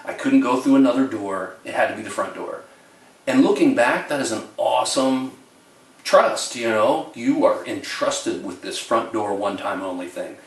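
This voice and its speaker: A man telling funny childhood stories to his camera in a wry, deadpan way. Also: mid-range voice, normal speed, recorded from a distance. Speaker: storyteller. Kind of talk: comic storytelling to camera. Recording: roomy, away from the mic.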